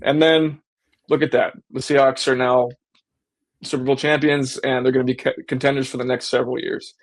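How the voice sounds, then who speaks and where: A man's voice: mid-range voice, flat delivery, fairly quick. A man hosting a casual sports fan show, talking animatedly and slipping into mock voices when he quotes people. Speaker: sports podcast host.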